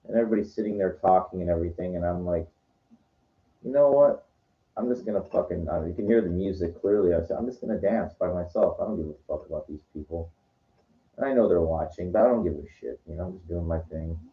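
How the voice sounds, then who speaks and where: A middle-aged man with a very low, deep voice tells a night-out story straight to camera. He rambles, restarts and swears as he goes. The recording sounds dull and lo-fi. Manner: rambling, halting, profane retelling. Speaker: vlogger.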